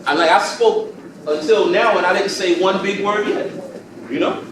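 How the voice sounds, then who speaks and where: Man teaching a master class, animated and high-pitched, heard from a distant mic in a booming hall. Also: moderate pace. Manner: animated, playful, asks the room if they understand. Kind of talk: lively teaching talk to students. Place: lecture hall. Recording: distant mic in a very echoey hall with background noise.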